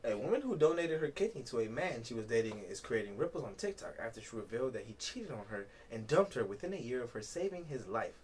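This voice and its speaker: A man's voice: medium pitch, big pitch swings, quick pace, few pauses, a little mellow, a little hiss or hum. A young man co-hosting a podcast in casual chat, jokey and profane, laughing often as he reads a news story aloud. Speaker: podcast co-host.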